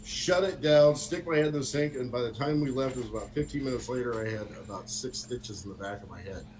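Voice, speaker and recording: A man's voice: medium pitch, fast talker, heavy background noise. A middle-aged man telling a casual story with many fillers and frequent laughter. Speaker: guest on a motorcycle talk stream.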